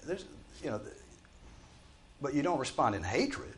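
A man's voice: medium pitch, very animated, moderate pace, pauses often, slight background noise. A man teaching a Bible study group in a conversational, emphatic way, often restarting his sentences.

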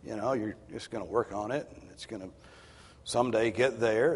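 A male pastor preaching a sermon, swinging from hushed tones to loud, emphatic exhortation. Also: on the low side, normal speed, breathy edge. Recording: long hall reverb.

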